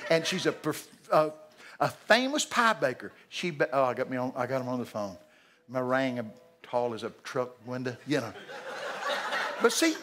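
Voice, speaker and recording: An older preacher spins folksy stories from the pulpit in a voice that sits a little high for a man. He keeps it lively, suddenly shouting out the lines of the people he describes. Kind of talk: storytelling sermon. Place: large church hall.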